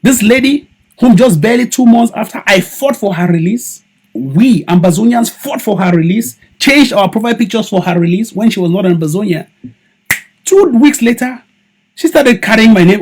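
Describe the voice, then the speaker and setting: A political activist with a Cameroonian English accent laced with Pidgin gives a heated, accusatory video monologue, repeating lines for stress. His voice is high-pitched, husky and expressive, fairly quick, with a darkish tone.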